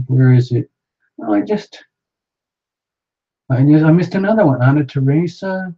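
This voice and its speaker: A man's voice: a little high, expressive, normal speed, pauses often, dark tone. A man hosting a live tarot reading stream, chatting casually with viewers and reading out their names. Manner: chatty, self-talking, reads out viewer names. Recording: dull lo-fi sound with faint background noise.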